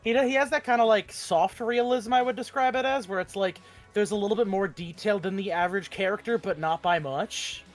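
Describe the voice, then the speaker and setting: A man's voice: sits high, fairly quick, few pauses, soft background music. A man who plays in a tabletop game, chatting casually and cracking crude jokes. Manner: joking, crude, lively delivery. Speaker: player. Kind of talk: casual chat.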